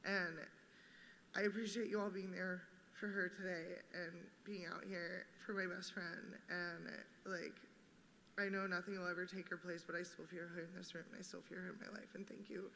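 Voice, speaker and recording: Young woman, bright tone, animated storytelling, echoing theater, faint noise. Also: on the low side, normal speed, vocal fry. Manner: animated, quoting friend's lines, laughing. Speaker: memorial speaker. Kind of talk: personal storytelling. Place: large theater stage. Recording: long reverb in theater, faint background noise.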